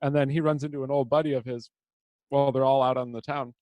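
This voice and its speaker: A man's voice: medium pitch, steady tone, fast talker, no echo, highs cut off. A young man co-hosting a casual podcast, rambling through a story and acting out the lines. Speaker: podcast co-host. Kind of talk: casual chat.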